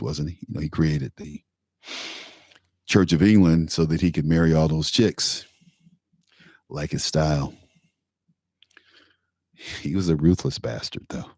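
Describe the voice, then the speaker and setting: A male talk show host from Michigan delivering an opinion monologue, sarcastic and animated, often laughing at his own points. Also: sits low, no echo, studio quality. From Pontiac, Michigan, USA.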